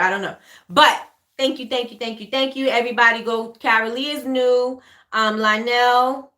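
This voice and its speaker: A woman with a New York accent hosts a relaxed livestream Q&A, her voice bright and forward. She talks in a loose, chatty way, repeats phrases, and reads viewer comments aloud between tips. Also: on the high side, echoey room. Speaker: livestream host, candle maker. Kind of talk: casual livestream Q&A. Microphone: webcam or phone livestream.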